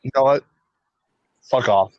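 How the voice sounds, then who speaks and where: A man's voice: medium pitch, a little slow, no echo, lo-fi sound. A man co-hosting a casual podcast, telling stories and acting out voices as he goes. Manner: animated storyteller, acts out voices. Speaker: podcast co-host. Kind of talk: casual chat.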